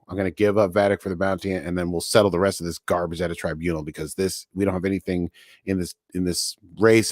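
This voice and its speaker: Podcast co-host, male, low voice, casual recap chatter with laughs, dry recording. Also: no echo. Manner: chatty, laughing, quick asides.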